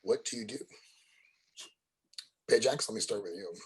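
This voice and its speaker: A man's voice: lowish voice, moderate pace, breathy edge, poor audio. A man running a tabletop game as game master, narrating with a hesitant delivery full of ums and uhs.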